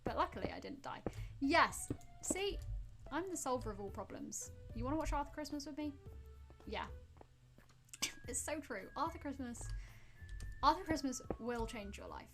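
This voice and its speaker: A woman's voice: high-pitched, animated, normal speed, pauses often, a bit bright. A woman live-streaming a game, chatting playfully with her viewers and teasing them in mock outrage. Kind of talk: live-streamed gameplay chat, talking to viewers. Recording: background music playing under the voice.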